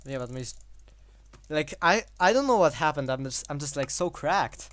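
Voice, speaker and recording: A man's voice: on the high side, animated, normal speed, a bit bright. Guy rambling thru his gameplay, tons of "like"s, laughs a lot, bit of faint noise behind. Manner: rambling, filler-heavy, laughs between phrases. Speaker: gaming channel host. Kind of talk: casual gameplay commentary.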